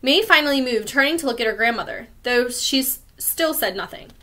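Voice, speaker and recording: A woman, a teacher, reading a chapter book aloud to children in a friendly, clear storytelling manner. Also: high-pitched, lively intonation, brisk, pushed and bright.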